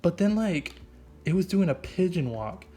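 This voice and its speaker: A man's voice: sits high, sing-song, normal speed, dark tone, slightly rough. A man doing an improvised comic voice-over, rambling and goofy, packing his talk with "like" and "right?". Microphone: voice-over mic.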